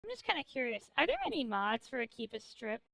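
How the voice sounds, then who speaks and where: A woman's voice: on the high side, sing-song, quick pace, creaky, bright, forceful tone, no room sound, poor audio. A woman VTuber chatting casually on a gaming stream, rambling in a manic, jokey way and swearing now and then.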